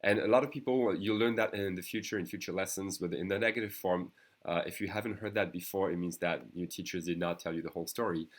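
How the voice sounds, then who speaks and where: A man's voice: deep voice, steady tone, quick pace. French-accented man teaching a language. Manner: explanatory, checks in often with "okay" and "d'accord". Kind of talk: online language lesson.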